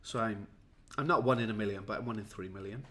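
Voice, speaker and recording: A man's voice: lowish voice, fast talker, pushed and bright, a little hiss or hum. A tired, jetlagged man from Wales, rambling and self-mocking as he chats with viewers on a livestream. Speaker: livestream host. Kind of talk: casual livestream chat.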